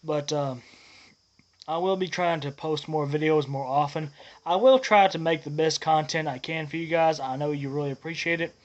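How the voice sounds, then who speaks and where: Man, slightly high voice, earnest, rambling vlog host, dull lo-fi recording. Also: steady tone, normal speed. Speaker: channel host. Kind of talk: casual vlog update.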